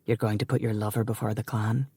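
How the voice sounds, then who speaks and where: A proud, scheming Scottish man, as a male audiobook narrator puts him on, speaking low and heavily with a sneer. The voice is dark and gravelly, recorded close and dry. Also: little pitch movement, quick pace, no echo. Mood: cold.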